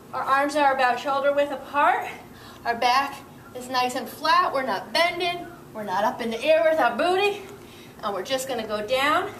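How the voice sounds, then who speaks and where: Upbeat woman workout instructor, high voice, out of breath, caught by a distant camera mic in an echoey room. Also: a bit bright, slight background noise. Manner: upbeat, encouraging, counts reps while exercising. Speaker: fitness instructor. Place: indoor room with carpeted floor.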